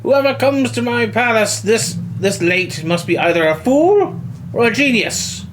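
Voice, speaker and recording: A man's voice: extremely high pitch, sing-song, unhurried, fairly bright tone, a little hiss or hum, voice pushed up, full character voice, poor audio. A man voicing an ancient, lofty alien scholar who calls himself a doctor, speaking grandly. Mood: grandiose. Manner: grandiose, proclaiming.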